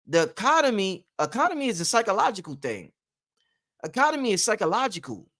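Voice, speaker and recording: A man with a slightly high voice speaks to his livestream audience in a loose, rambling way. He preaches his points and repeats them for emphasis, keeping a casual, motivational tone. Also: big pitch swings, brisk, fairly bright tone. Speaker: livestream host.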